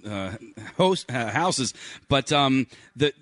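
A man co-hosting a casual chat, halting as he searches for words. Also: mid-range voice, lively intonation.

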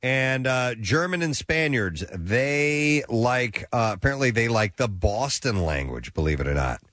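A man's voice: medium pitch, measured pace, no room sound, clean studio sound. A man from the Midwest hosting a radio morning show, chatting casually and reading live ads. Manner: relaxed, chatty with hesitations. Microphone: studio microphone.

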